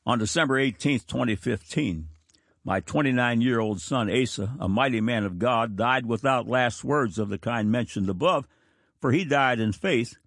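A man in his fifties, a country church pastor, giving a sermon in a slow, deliberate and solemn manner. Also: mid-range voice, a bit bright, no echo, studio quality. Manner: slow, deliberate, solemn delivery with drawn-out words. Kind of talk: sermon reading of quotations.

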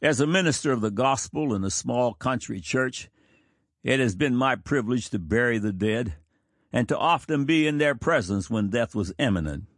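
A man in his fifties, a minister of a small country church, reads his sermon aloud in an earnest, measured way. He sometimes stumbles over a word and corrects himself. His voice sits in a middle register and sounds dry, with no room around it. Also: medium pitch, lively intonation, no room sound.

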